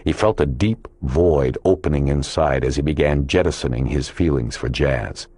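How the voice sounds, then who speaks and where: A man narrating a crime novel audiobook in a measured, even storytelling manner. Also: very deep voice, no room sound. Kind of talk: scripted narration.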